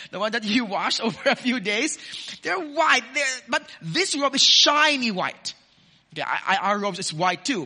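A man delivers a sermon in a very high, piercingly bright voice. He explains the passage point by point, repeats himself for emphasis, and puts questions to the congregation. The reverb of a large hall trails behind his words. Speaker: pastor.

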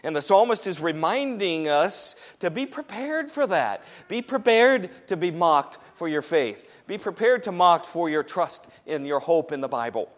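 High-voiced preacher in a reverberant hall. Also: male voice, sing-song, a little slow, hardly any pauses. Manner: emphatic, repetitive preaching. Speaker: pastor. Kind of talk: sermon.

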